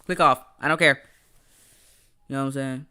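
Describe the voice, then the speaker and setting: Bright-voiced animated man ranting casually. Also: mid-range voice, moderate pace, smooth. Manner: animated, stammers and repeats words; rants, laughs often. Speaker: podcast host. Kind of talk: casual livestream chat.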